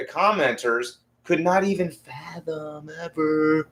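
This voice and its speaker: A man's voice: a little high, takes it slowly, hardly any pauses, a bit bright. A man in his forties hosting a podcast, ranting casually and heatedly with lots of swearing. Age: 40s. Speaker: podcast host. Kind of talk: casual rant.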